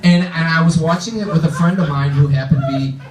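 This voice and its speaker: A man's voice: on the high side, a little fast, recorded from a distance, soft background music. A man doing a stand-up comedy set on a club stage, telling self-deprecating stories in a conversational way. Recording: roomy club sound from off-mic, with a loud audience. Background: audience laughter and shouts.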